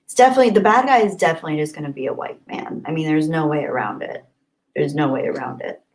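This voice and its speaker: A woman's voice: low-pitched, fast, low-quality recording. Chatty woman streamer reading chat. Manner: chatty, reads viewer comments aloud, laughs often. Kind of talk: casual live stream chat.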